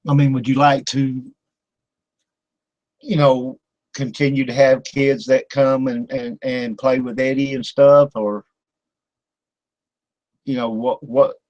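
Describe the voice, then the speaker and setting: An older man with a drawl hosts a casual radio talk, wandering from point to point with fillers and frequent chuckles. His voice sits at an ordinary middle pitch. The sound is dry and close, with no room around it. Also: flat delivery, slow, long pauses, darkish tone, no room sound, muffled recording. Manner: folksy, rambling, laughs often, many fillers. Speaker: radio show host.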